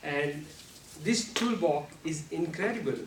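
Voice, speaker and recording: A man giving a prepared club speech on how to use the voice, speaking slowly and deliberately with non-native grammar, and now and then showing off sudden jumps in pitch and loudness. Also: lively intonation. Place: meeting room. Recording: echoey room, speaker far from mic, faint noise.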